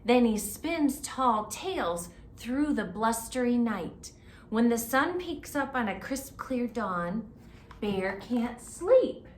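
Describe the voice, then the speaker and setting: A woman, a children's librarian, reading a picture book aloud in an animated, playful, expressive way. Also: fairly high pitch, slow pace. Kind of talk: storybook read-aloud for children. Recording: roomy echo, faint hiss.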